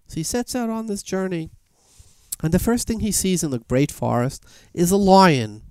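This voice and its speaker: A man preaching a sermon and telling a fable, animated, with sweeping emphatic rises in his voice. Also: sits high, normal speed, clean tone, no echo. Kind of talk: sermon with storytelling.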